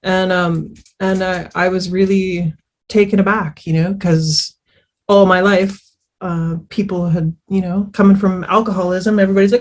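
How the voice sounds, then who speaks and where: A woman's voice: lowish voice, little pitch movement, moderate pace. A woman telling her personal recovery story in a candid, rambling way. She swears freely and often circles back with fillers and restarts. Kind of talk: personal testimony.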